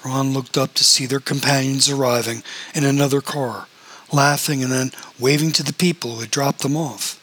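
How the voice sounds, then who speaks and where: A man narrating a novel as an audiobook, in a steady storytelling manner. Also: medium pitch, moderate pace, breathy edge, low-quality recording.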